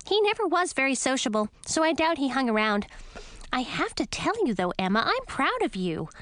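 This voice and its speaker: Storybook bat: high, lively, kind and fretful female, read by a woman, dry close sound. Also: normal speed, dry recording. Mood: fond. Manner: high chirpy voice.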